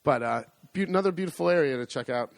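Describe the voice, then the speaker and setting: A man co-hosts a casual podcast, his pitch sitting a touch above the usual male range. He tells long, meandering stories at an easy pace. His voice is dry and close, with no room around it. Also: expressive, fast, creaky, no echo. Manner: rambling, chatty storytelling. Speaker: podcast co-host. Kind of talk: casual chat.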